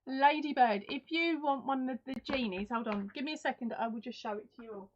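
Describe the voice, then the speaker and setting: Woman chatting away on a craft livestream, greeting viewers, a bit high, kinda muffled audio. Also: brisk, slight background noise. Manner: chatty, answers viewer comments while crafting. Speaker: host. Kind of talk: casual live-stream chat.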